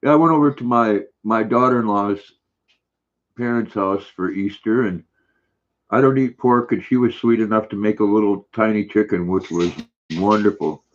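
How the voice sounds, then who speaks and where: An older man hosting a casual livestream, reading viewer comments aloud in a relaxed, friendly, chatty way. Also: fairly low pitch, moderate pace. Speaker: livestream host. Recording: dull lo-fi stream audio.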